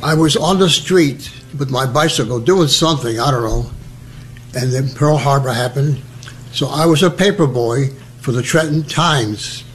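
An older man from New Jersey, telling his wartime memories as a lively storyteller who acts out the voices. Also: medium pitch, moderate pace, soft background music. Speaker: veteran recounting memories. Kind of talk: oral history storytelling.

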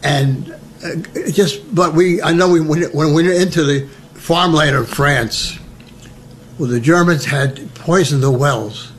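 With a slightly high voice and a somewhat slow delivery, an elderly American veteran recounts personal stories for an interview, humorous and chatty, imitating the voices of those he quotes. There is slight background noise.

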